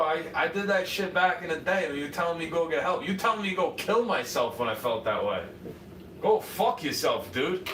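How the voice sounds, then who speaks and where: A man's voice: high-pitched, distant mic, a little hiss or hum. A man with a New York accent, ranting and swearing on a livestream in a combative monologue. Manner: combative, swearing, jumps between muttering and shouting. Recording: roomy, off-mic, faint ambience.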